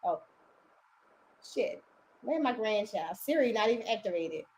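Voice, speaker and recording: An older woman with a Baltimore accent, casually chatting and laughing as a podcast co-host, her voice worn down and going hoarse. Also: medium pitch, unhurried, slight background noise. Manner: laughing, animated, teasing. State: losing her voice. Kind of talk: casual chat.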